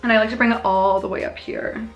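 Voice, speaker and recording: A woman's voice: on the high side, fairly even intonation, fast, highs cut off, soft background music. A young woman in her twenties from Canada, chatting through a casual makeup tutorial with bubbly, self-mocking asides. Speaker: beauty vlogger.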